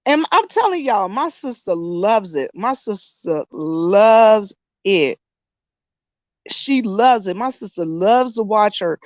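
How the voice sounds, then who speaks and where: A woman's voice: medium pitch, sing-song, a little slow, hardly any pauses, dry recording. A woman around fifty, chatting casually to her viewers, telling a story with frequent laughter and calling them y'all. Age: 50s. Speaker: YouTube vlogger.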